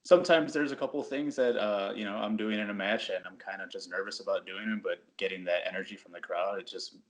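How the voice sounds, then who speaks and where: A man who is a professional wrestler, giving relaxed, rambling interview answers full of "like" and "um". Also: on the low side, fast.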